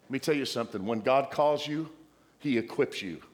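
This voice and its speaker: A man's voice: medium pitch, a little fast, long reverb tail. A male pastor preaching a sermon, exhorting the church with playful asides and mock voices of the congregation.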